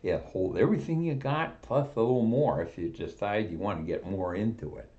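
An older man voicing an eager, pushy young male salesman in a told story, pitching goods and calling everyone sir. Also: fairly quick, mellow, natural voice. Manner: upbeat sales pitch, keeps saying sir. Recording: dull lo-fi recording.

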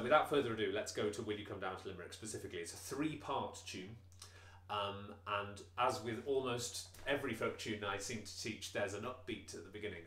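A man with a fairly low voice talks through a banjo lesson at an easy pace, explaining step by step and counting out the rhythm. He fills his sentences with small ums and uhs. The room gives his voice a noticeable echo, and a banjo plucks faintly behind him. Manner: relaxed, explains patiently, counts beats aloud, many fillers. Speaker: banjo teacher. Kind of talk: instrument tutorial.

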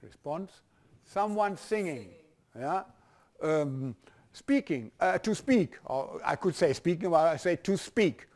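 A man's voice: a little high, animated, measured pace, a little mellow. An older man with a German accent giving a university lecture, hesitant, with many restarts and fillers.

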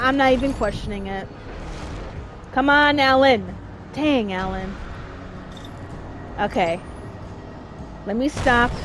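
A woman plays a horror game and chats her way through it, talking to herself and yelping when things go wrong. Her voice is high and swings widely in pitch. She speaks at an unhurried pace. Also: noisy background. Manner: excitable, yelps and shouts at the game; chatty, talks to herself and the game character. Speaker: gamer playing a horror game. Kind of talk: casual let's-play commentary.

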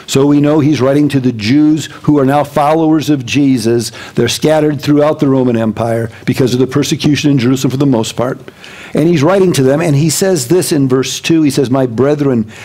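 A man, a senior pastor, preaching a sermon and acting out the voices of the people he talks about, dropping low and quiet for prayers.

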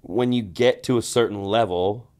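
A man's voice: on the low side, normal speed, darkish tone. Laid-back, foul-mouthed Californian man in his forties. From Northern California. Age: 40s. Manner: laid-back storyteller, heavy profanity and slang. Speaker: podcast guest. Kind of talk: casual chat.

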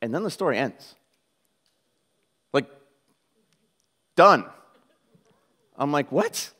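A man preaching a conversational sermon, animated and joking, acting out the voices of the people in the story. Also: medium pitch, unhurried. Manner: animated, jokey, acts out quoted voices. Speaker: pastor.

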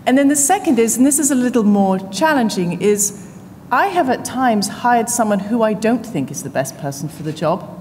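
At a business conference, a woman on a panel speaks emphatically, telling anecdotes and often laughing as she makes her points. Her voice is a little high, expressive and a little mellow, at a normal speed with hardly any pauses, recorded in a reverberant conference hall with faint noise.

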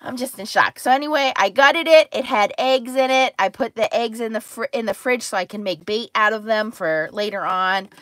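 A middle-aged woman hosting a crafting stream, telling a story in an animated way, laughing and acting out quotes. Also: a little high, normal speed, few pauses, dry recording. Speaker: crafting livestream host. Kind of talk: casual storytelling chat.

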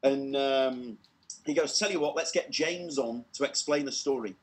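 On an online show, a British man tells a comedy story with plenty of energy, doing the characters' voices and laughing at his own tale. His voice sits in the mid-range and he speaks at a normal speed.

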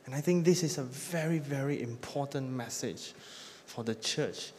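A male pastor delivering a sermon, building emphatic lists and then dropping to a hushed close at the end of each point. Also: mid-range voice, moderate pace, a little hiss or hum. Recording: long reverb of a church hall.

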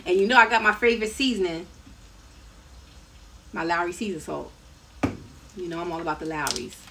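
A woman chats loosely with viewers while she chops and cooks in her home kitchen. Her voice is mid-pitched and sounds a little far from the phone. A steady noise sits under the live-stream audio. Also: measured pace, long pauses. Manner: chatty, laughing, talks to viewers. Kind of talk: casual cooking live stream.

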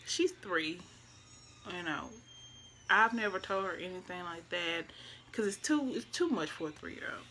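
Soft-spoken woman with a bright voice. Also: lowish voice, animated, measured pace, long pauses, a little hiss or hum. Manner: soft-spoken, reflective, talks straight to viewers. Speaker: vlogger. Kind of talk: casual story time.

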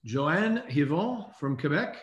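A man hosting a casual online call, reading out names in an upbeat, brisk way. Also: on the high side, big pitch swings, reverberant, muffled recording. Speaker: host.

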